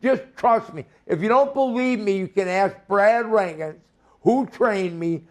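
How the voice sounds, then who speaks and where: Older guest from Minnesota, high-pitched and unhurried, blunt and salty. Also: male voice. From Minnesota, USA. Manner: blunt, profane, heated storytelling. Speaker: guest, former wrestler. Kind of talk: storytelling interview.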